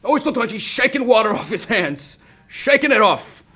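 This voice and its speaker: A man putting on an older male politician who shouts his points with heavy emphasis. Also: extremely high pitch, very animated, normal speed, a little hiss or hum, pitched above the performer's own voice, heavily acted. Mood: indignant.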